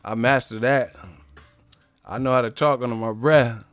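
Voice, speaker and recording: A man's voice: medium pitch, steady tone, moderate pace, dry recording, faint music behind. A man with an American accent hosting a casual live stream, telling jokes and stories with heavy swearing and frequent laughter. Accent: US English. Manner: profane, joking storyteller who laughs a lot. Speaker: boxing live-stream host.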